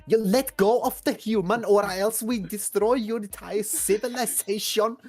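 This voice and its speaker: A man's voice: normal speed, darkish tone, slightly rough, faint music behind, lightly acted. A man voicing a ruthless male cat emperor who barks commanding threats. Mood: menacing. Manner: booming, commanding threats ending in a meow.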